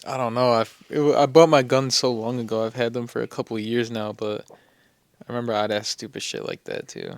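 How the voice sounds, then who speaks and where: A young man in casual podcast talk, with a mid-range voice and a relaxed, offhand delivery. He reacts with short remarks and laughs. The recording is dry and close. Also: mid-range voice, a little fast, creaky, dry recording. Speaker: podcast co-host. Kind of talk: casual chat.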